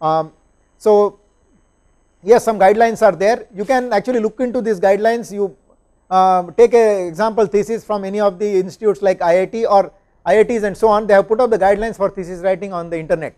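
A man's voice: high-pitched, fairly quick, mellow. A man, lecturing and answering questions, explaining step by step and often checking understanding with "right?" and "okay?".

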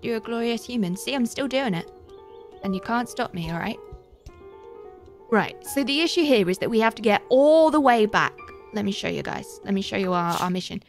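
A woman's voice: a little high, expressive, moderate pace, faint music behind. A young woman giving chatty, giggly live commentary as she plays a game and thanks her viewers. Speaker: live streamer.

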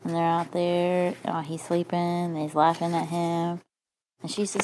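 A woman improvising a silly story from pictures, playful, crude and deadpan. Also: fairly low pitch, a little slow, slight background noise.

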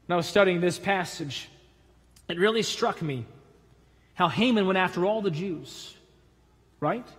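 High-voiced preaching pastor in a reverberant church. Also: male voice, lively intonation, measured pace, long pauses, a bit bright. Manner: emphatic preaching with rising, punchy repetitions. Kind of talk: sermon. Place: church sanctuary.

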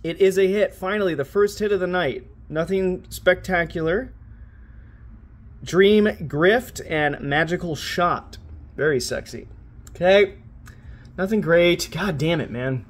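A man's voice: high-pitched, a little slow. A young man hosting a card-opening video, giving swearing, wisecracking commentary as he flips through pack after pack with growing frustration. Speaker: pack-opening channel host.

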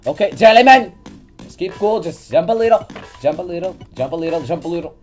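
A woman's voice: lowish voice, animated, fast talker, warm tone. Exasperated woman scolding a game character. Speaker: gaming channel host. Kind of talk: let's play commentary. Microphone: desk mic near keyboard. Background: faint game music.

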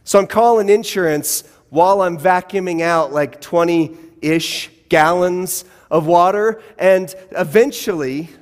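A man's voice: high-pitched, slow pace, few pauses. A man preaching a sermon as pastor, telling a personal story with wry, self-deprecating humor. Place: church sanctuary. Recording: long church-hall reverb.

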